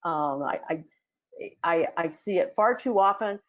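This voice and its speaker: In a casual teaching session in an audio chat room, a woman who instructs dog sports chats away with lots of fillers and restarts. Her voice sits on the low side and moves a little slowly, and the recording is lo-fi.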